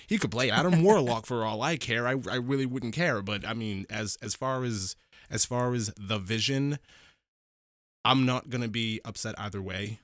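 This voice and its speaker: A man's voice: medium pitch, moderate pace, fairly bright tone, dry recording, studio quality. A man co-hosting a show review podcast, chatting casually and often restarting his phrases as he thinks. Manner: rambling, repeats his words while thinking. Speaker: podcast co-host. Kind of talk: casual chat.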